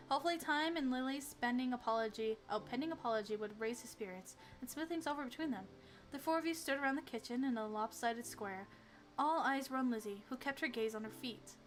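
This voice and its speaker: A young woman streamer reading a story game aloud, chatting animatedly and giggling between lines. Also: a little high.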